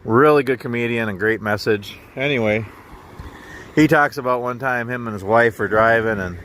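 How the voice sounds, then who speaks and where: A man casually narrating his walk through town streets in a slow, rambling, chatty way with chuckles, talking to a handheld camera. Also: mid-range voice, fairly bright tone, a little hiss or hum. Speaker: walking vlogger.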